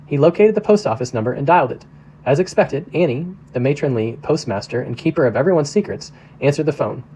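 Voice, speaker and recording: Steady mellow guy reading a novel out loud, measured pace. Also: medium pitch, a little hiss or hum, rough recording. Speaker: pastor reading a novel aloud. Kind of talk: audiobook narration.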